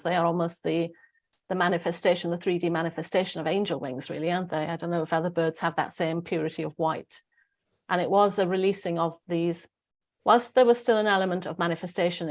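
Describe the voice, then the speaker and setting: Welsh woman, low voice, rambling chat. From Wales. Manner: rambling, searching for words, frequent restarts. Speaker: host. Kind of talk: casual spiritual group chat.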